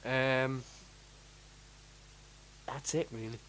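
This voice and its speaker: Teasing young man with quick jabs. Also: mid-range voice, steady tone, fairly bright tone. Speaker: podcast co-host. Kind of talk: casual chat.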